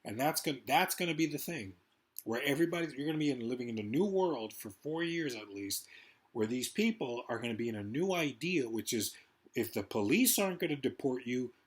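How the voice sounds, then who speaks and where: A man's husky, expressive, mid-range voice carries a rambling political rant for his vlog. He swears freely and talks quickly.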